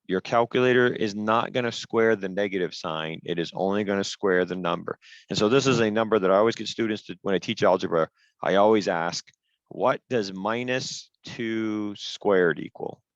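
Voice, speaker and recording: Male instructor, lowish voice, patient and emphatic, teaching over a headset on dull, lo-fi call audio. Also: no room sound. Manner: patient, step-by-step, emphatic on rules. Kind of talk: online class lecture.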